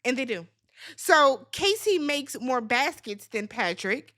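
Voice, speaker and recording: A woman's voice: high voice, big pitch swings, slow pace, a bit bright. A woman giving a blunt, sassy, profane recap of a reality TV reunion, talking straight at the cast. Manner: talks straight to the people on the show. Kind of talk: opinionated show recap.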